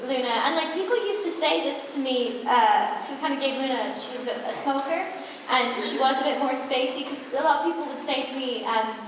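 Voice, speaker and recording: A woman's voice: sits high, fairly quick. A young woman answering fan questions on a convention panel, musing and rambling with lots of fillers. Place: large convention hall. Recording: echoey hall from far off, noisy.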